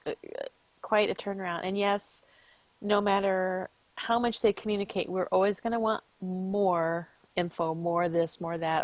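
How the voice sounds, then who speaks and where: A woman co-hosting a podcast in casual chat, measured and even-handed with a few small fillers. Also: fairly low pitch, no room sound, poor audio. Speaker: podcast co-host.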